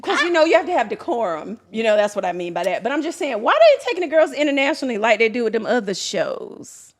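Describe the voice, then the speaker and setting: A woman's voice: fairly high pitch, sing-song, fast talker. A woman hosting a casual chat, sassy and gossipy, laughing often as she recaps. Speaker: host.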